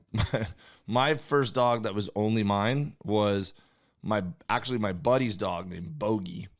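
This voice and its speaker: A man's voice: lowish voice, takes it slowly. A man co-hosting a comedy podcast, telling a long story in a rambling way, often restarting and searching for words. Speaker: podcast co-host. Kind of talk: casual storytelling chat.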